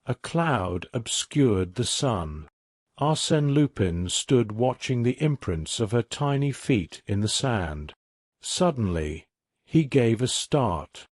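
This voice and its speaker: A man narrating a classic mystery story as a calm, even bedtime reading. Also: medium pitch, no echo, studio quality.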